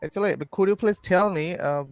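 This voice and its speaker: A man from Bangladesh practices his English pronunciation over a video call. His voice is gravelly and somewhat high, and he speaks slowly and hesitantly with many fillers. The sound is close and dry. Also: no echo. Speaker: English learner.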